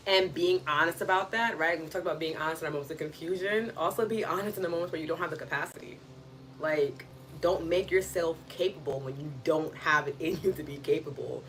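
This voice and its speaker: Fast and sharp-toned with a lowish voice, this young woman hosts a wellness live stream over slight background noise. Her casual talk is earnest and reflective, peppered with "like," and she plays out inner voices as quoted asides.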